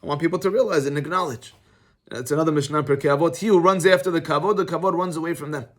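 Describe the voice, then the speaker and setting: A middle-aged rabbi, his voice fairly high, races through a casual Torah class, weaving his own anecdotes in with the text. He's animated and conversational, almost like he's just chatting with everyone present.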